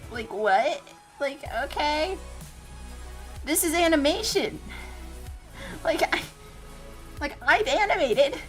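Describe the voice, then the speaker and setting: A woman's voice: high voice, animated, slow, long pauses, fairly bright tone, soft background music. A young woman telling a story casually as a streamer, profane and exasperated, with laughing squeals. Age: young adult.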